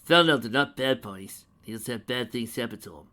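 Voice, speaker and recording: Man doing a blunt dragon, bright-toned, weary. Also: medium pitch, brisk. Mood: grim. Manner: blunt, flat.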